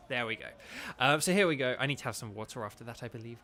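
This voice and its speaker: A man's voice: mid-range voice, very fast, pushed and bright. A man giving casual, rambling commentary while playing a video game, chatting to viewers. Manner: rambling, chatty, lots of fillers. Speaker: gaming YouTuber and voice actor.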